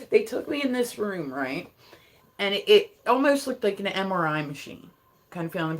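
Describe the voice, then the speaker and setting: A young adult livestreamer from Delaware, chatting casually and rambling, full of fillers and quick laughs. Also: medium pitch, animated. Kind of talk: casual live-stream chat.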